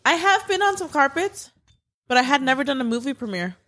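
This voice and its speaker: A playful young woman co-hosting a podcast, her voice swooping up and down with lively expression. She chats casually and swears freely, close to a studio mic. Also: sits high, a little fast. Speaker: podcast co-host. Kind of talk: casual chat.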